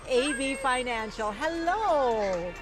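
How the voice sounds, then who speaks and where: A woman giving lively live commentary at an outdoor street parade, exclaiming at what passes by. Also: high voice, slow. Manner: enthusiastic, exclaiming. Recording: music playing behind.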